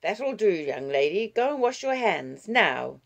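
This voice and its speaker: Woman doing a brisk, self-absorbed grandmother for an audiobook; animated intonation, gravelly edge. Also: lowish voice, voice pushed up. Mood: firm.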